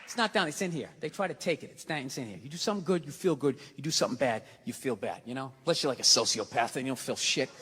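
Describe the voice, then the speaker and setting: A man's voice: medium pitch, expressive, fast, hardly any pauses, fairly bright tone, a faint crowd, slight background noise. A man doing a stand-up routine on stage, ranting in a profane, exasperated way. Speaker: stand-up comedian. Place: large live venue. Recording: live hall with audience.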